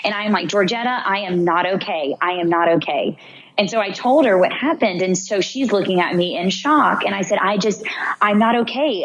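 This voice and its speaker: On a low-quality recording, a young woman with a medium-pitched voice shares a personal story as a guest on a podcast. She narrates vividly and voices her own thoughts aloud as she goes.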